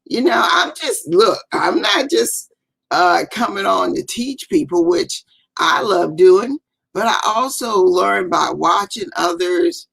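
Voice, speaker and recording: Slow, very gravelly woman guest. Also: mid-range voice, big pitch swings. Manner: warm, halting, repeats herself. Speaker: guest speaker and coach. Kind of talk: casual interview.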